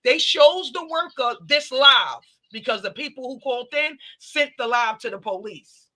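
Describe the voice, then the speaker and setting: Animated woman retelling a story on a live show. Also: high-pitched, normal speed, rough recording. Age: adult parent. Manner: animated, retelling events with quoted dialogue. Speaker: talk show host. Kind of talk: casual commentary on a live stream.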